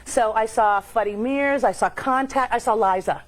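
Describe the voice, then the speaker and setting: A woman guest on a talk show, telling stories in animated, casual chat. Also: on the high side, moderate pace, low-quality recording. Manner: animated storyteller.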